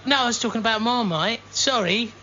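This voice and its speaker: A man's voice: very high voice, brisk, crowd noise. Teasing Scottish man on local radio. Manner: teasing, chatty, laughs often. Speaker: radio co-host and presenter. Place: radio studio. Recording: lo-fi radio broadcast.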